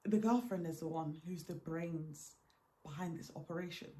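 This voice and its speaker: A woman vlogger telling a dramatic first-person story in an animated, emphatic way, often repeating words for effect. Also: fairly low pitch, moderate pace.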